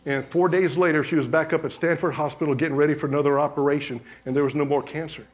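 A high-voiced man preaching from the pulpit, animated and conversational. He tells stories and acts out the voices of the people in them, swinging between loud emphasis and quiet asides. His voice sits noticeably high for a man. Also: fast talker. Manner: animated storytelling, acts out quoted dialogue. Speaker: pastor. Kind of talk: sermon testimony.

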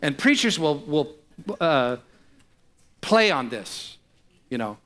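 A middle-aged man preaching a sermon in a bright, forceful voice that sits a little high for a man. He mixes casual, joking asides with swells of heartfelt intensity. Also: big pitch swings, takes it slowly. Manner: impassioned, rising to near-shouts in prayerful passages; conversational asides with humor. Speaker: pastor.

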